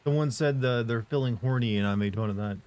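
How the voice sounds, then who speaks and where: A man's voice: mid-range voice, fast, a little mellow. A young man streaming live, chatting loosely and reading comments aloud, joking around with sore arms. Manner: rambling, jokey, reads chat aloud. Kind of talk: casual live-stream chat.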